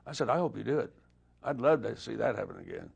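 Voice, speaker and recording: An older man telling stories in a relaxed, anecdotal way during an interview, acting out the dialogue he quotes. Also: on the low side, fast, gravelly, slightly rough. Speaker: guest musician. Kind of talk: storytelling interview.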